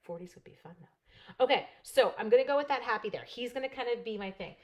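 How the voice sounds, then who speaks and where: A woman's voice: a little high, animated, quick pace, darkish tone. A middle-aged woman chatting casually and bubbly while demonstrating paper crafts at home, joking and wandering off topic. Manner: chatty, bubbly, jokes and digresses while working. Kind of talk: casual crafting livestream chat.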